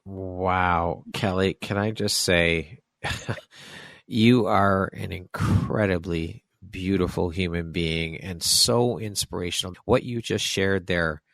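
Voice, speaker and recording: A male podcast host with a very low, gravelly voice, recorded close and dry. He speaks in effusive, heartfelt praise, warmly affirming his guest. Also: fairly even intonation, slow pace, no room sound. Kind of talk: interview conversation.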